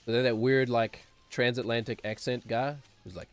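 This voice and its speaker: A man's voice: medium pitch, fairly quick, hardly any pauses, no room sound, faint music behind. A man streaming a game, rambling and sarcastic, chuckling as he talks. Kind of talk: casual gameplay commentary.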